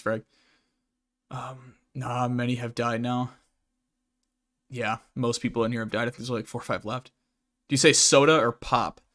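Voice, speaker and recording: A man's voice: mid-range voice, a bit bright. A young adult man hosting a casual livestream Q&A while gaming, talking in a rambling, chatty way with many restarts and fillers. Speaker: streamer and channel host.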